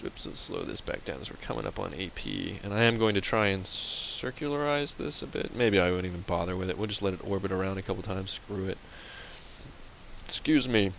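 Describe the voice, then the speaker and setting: A man's voice: fairly low pitch, moderate pace, creaky, fairly bright tone, a little hiss or hum, low-quality recording. A man from Pennsylvania commenting on a game and telling a rambling story to viewers in a casual, chatty way. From Pennsylvania, USA. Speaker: let's play host.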